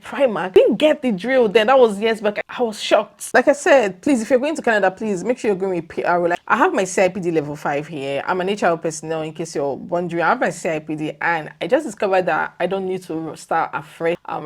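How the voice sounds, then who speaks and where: A young woman vlogging casually to her viewers, animated and exclamatory, her voice leaping up when she makes a point. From lives in the UK. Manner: animated and exclamatory, leaps up in pitch when emphatic. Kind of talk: casual vlog chat.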